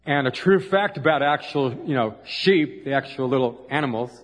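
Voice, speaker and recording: A man's voice: medium pitch, lively intonation, moderate pace. A man preaching a conversational sermon, folksy and full of asides, in a church. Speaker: pastor. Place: church sanctuary. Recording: long hall reverb.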